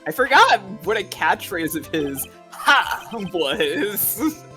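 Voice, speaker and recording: A woman's voice: lowish voice, big pitch swings, slow, sharp tone, faint music behind. A woman co-playing a game on stream, chatty and giggly. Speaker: co-player. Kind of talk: casual group chat over a game.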